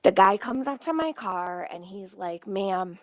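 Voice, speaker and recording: A woman's voice: mid-range voice, lively intonation, normal speed, no echo. A woman vlogger telling a story in a heated, profane rant. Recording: dull lo-fi dry sound.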